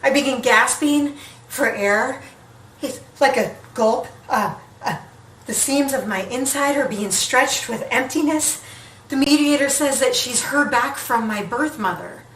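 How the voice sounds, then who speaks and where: Woman, 30s, solo stage storyteller; high, vivid, hushed to frantic; roomy, distant mic. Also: measured pace, slight background noise. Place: theater stage. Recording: roomy echo, distant mic, faint ambience.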